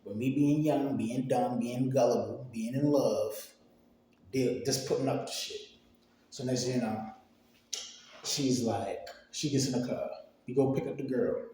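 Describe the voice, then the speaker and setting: A man's voice: medium pitch, unhurried, slight background noise. Profane young man, echoey room. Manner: loose slangy, profane, animated quoting. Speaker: storyteller. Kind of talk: casual storytime. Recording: very echoey room, faint ambience.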